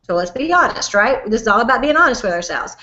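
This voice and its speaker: Southern woman business coach, bright, forceful and folksy, on a dull lo-fi webinar recording. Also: on the high side, quick pace. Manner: animated, folksy and direct, calls listener "honey". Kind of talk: motivational webinar talk.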